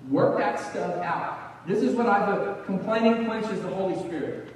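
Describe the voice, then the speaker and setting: High-voiced preacher in an echoey hall. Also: male voice, moderate pace, slight background noise. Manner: conversational, repeats words when animated. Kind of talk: sermon. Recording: echoey hall, far from the mic.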